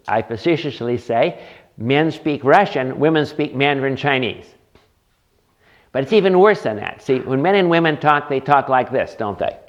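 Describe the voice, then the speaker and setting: A man teaching a counseling class as instructor, lecturing and asking the room rhetorical questions. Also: mid-range voice. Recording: dull lo-fi lecture recording.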